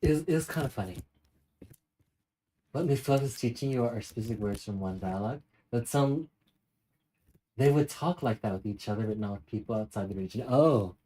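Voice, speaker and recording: Northern Californian streamer, rambling and mellow. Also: mid-range voice, expressive, normal speed, long pauses, low-quality recording. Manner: rambling, chatty, thinks aloud while answering chat. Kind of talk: casual livestream chat with viewers.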